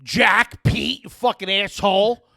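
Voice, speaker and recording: A man with a New Jersey accent hosting a podcast, telling a story in loud, profane, heated bursts. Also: sits high, steady tone, a little slow, no echo, studio quality. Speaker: podcast host. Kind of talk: casual chat.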